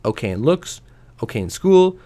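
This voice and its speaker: A man reading a novel aloud to his stream, giving quoted lines lively voices and dropping soft and low on the quiet ones. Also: normal speed. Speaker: reader.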